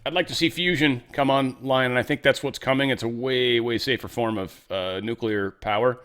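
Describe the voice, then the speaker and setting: A man's voice: medium pitch, normal speed, fairly bright tone, smooth. A man hosting a casual political commentary show, talking in a loose, sarcastic, rambling way. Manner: loose, sarcastic, rambling, drops into mock voices.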